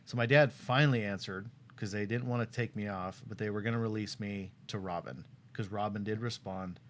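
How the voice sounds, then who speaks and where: Lively storytelling man, low voice. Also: fairly quick, slight background noise. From Tucson, Arizona. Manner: animated storyteller, laughs often, acts out quotes. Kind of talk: casual storytelling chat.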